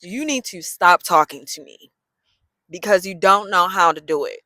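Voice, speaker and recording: A woman, telling a story in a casual vlog, sassy and animated. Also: on the low side, moderate pace, no echo, rough recording. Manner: animated, sassy, loose colloquial talk.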